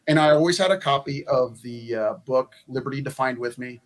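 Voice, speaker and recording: A man's voice: medium pitch, fairly even intonation, fairly quick, few pauses. A man, a former candidate for Congress, talking in a rambling, folksy way with many restarts on a convention panel. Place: convention meeting room.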